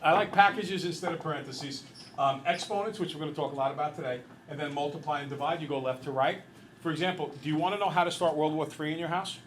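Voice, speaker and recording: A man's voice: on the high side, steady tone, fast, a little hiss or hum. A middle-aged man teaching a math class, telling jokey stories and acting out little voices. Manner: playful, jokey, acts out voices in anecdotes.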